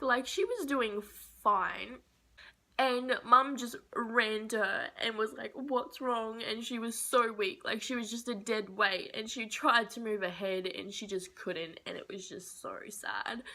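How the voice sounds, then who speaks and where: A young woman vlogger tells a personal story while crying, her voice breaking into whispers as she grows emotional. Her voice is high-leaning, bright and forceful.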